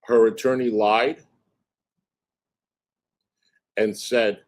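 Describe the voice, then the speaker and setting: A man hosting a livestream, telling a story in a casual, animated and profane way and mimicking other people's voices. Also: fairly low pitch, a little slow. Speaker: livestream host.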